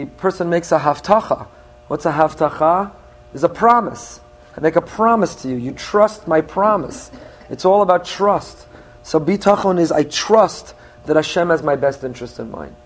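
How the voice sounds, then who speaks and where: A man's voice: a little high, expressive, moderate pace. A middle-aged man who is a rabbi, giving an earnest teaching sermon and mixing Hebrew phrases into his English. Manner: earnest teaching, with rising emphasis on key points.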